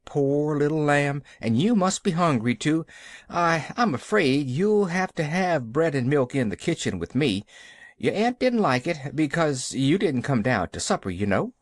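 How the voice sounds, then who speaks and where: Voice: mid-range voice, sing-song, measured pace, no room sound, studio quality, voice pushed up. A reader voicing Nancy, a flustered rural servant woman who talks in folksy dialect. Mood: fretful.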